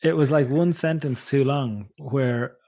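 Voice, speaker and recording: A man's voice: medium pitch, a little slow, warm tone. A man hosting a podcast in casual chat, playful and full of questions. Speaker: podcast host.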